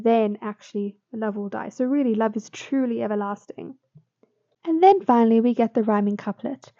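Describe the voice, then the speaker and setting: A woman's voice: on the high side, dark tone. A woman tutor explaining a poem in a lesson, talking it through with fillers and small self-corrections. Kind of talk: poetry analysis lesson. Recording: dull lo-fi sound.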